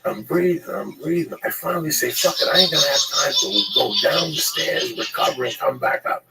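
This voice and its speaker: Man, comedian, gravelly voice, lively pitch, profane storytelling, a bit distant from the mic. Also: heavy background noise. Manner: profane, rapid, acts out the voices. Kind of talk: animated storytelling on a podcast.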